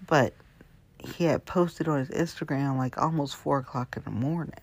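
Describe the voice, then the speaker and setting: A show host chatting casually and at length about the news, rambling and often dropping into hushed asides. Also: medium pitch, moderate pace, breathy edge, no echo. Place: Hamilton County area.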